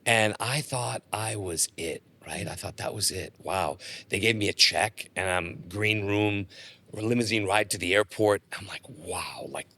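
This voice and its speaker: A middle-aged man speaks unhurriedly in a fairly low voice as a guest on a podcast. He tells casual stories, animatedly performing the dialogue within them.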